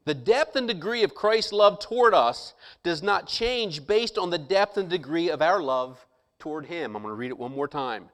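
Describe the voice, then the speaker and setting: A man preaching a sermon, reading scripture slowly and emphatically and pausing dramatically around rhetorical questions. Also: a little high, lively intonation, fairly bright tone.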